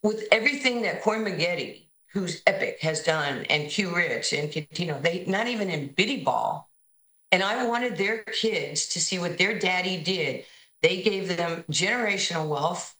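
A woman's voice: lowish voice, moderate pace, roomy sound, poor audio. A woman from New York, a basketball head coach, telling stories in an interview and acting out the people she quotes. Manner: animated storyteller, acts out quoted voices. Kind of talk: interview storytelling.

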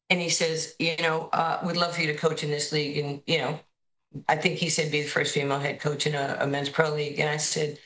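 A woman's voice: sits low, normal speed, reverberant, rough recording. A woman from New York, a basketball head coach, telling stories in an interview and acting out the people she quotes. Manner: animated storyteller, acts out quoted voices. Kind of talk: interview storytelling.

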